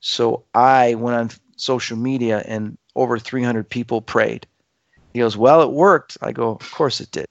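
A man's voice: mid-range voice, a little slow, creaky, dry recording, dull audio. A man telling a dramatic personal story to listeners, acting out the quoted voices as he goes. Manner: acts out quoted voices, lively and emphatic.

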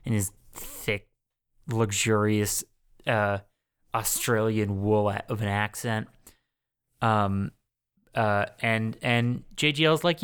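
Young guy on a podcast, smooth clear voice, swears a lot, jokey movie recap. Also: lowish voice, steady tone, slow, pauses often, a bit bright. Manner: profane, jokey, laughs often. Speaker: podcast co-host. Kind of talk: casual movie-recap chat.

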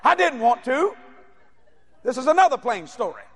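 Male preacher, high-pitched and expressive, for a playful, shouting sermon. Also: normal speed. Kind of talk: sermon with storytelling.

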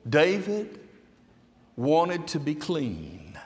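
A man preaching a sermon in slow, deliberate phrases that swing from soft, low passages to loud, emphatic peaks. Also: huge pitch swings, in a large hall.

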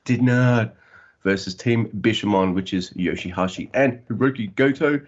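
A man's voice: fairly low pitch, moderate pace, husky, muffled recording. A man co-hosting a podcast, chatting casually and jokingly about a wrestling show. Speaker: podcast co-host. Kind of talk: casual wrestling recap chat.

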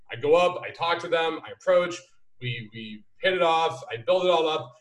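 A man's voice: on the high side, far from the mic. A man telling a funny story in casual chat, acting out the quotes. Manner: animated, acts out quoted voices. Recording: roomy, a bit off-mic.

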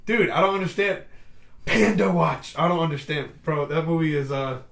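A man's voice: fairly high pitch, moderate pace. Young guy hosting a podcast, hyped up, keeps quoting movie lines, roomy echo. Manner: excitable, quotes movie lines in put-on voices, laughs a lot. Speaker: podcast host. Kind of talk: casual chat. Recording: echoey room.

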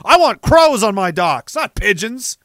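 A young man rambling comedically to a live audience in a profane, animated way, reading viewer messages and breaking into sudden shouts. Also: high-pitched, unhurried, no echo, clean studio sound. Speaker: live streamer.

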